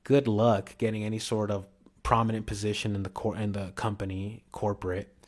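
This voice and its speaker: Rambling slangy man, lowish voice. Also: little pitch movement, a little fast. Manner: slangy, full of "you know" and restarts. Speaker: vlogger. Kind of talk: rambling casual monologue.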